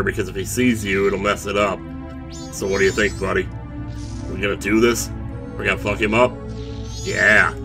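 A man giving casual, jokey gameplay commentary, chatting to the game character as he plays. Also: fairly low pitch. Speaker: video game let's player. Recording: game music playing under the voice.

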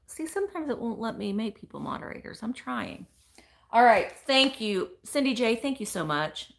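In a slightly high, sing-song, gravelly voice at a moderate pace, a woman chats through a casual live stream at home, opening mail, gushing over what she finds, greeting viewers by name and reading their comments aloud.

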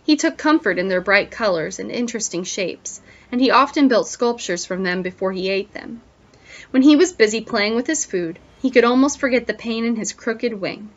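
A woman teacher reads a picture book aloud to children with expressive storytelling, stopping to ask them questions. Her pitch is fairly high, and the lo-fi recording sounds dull.

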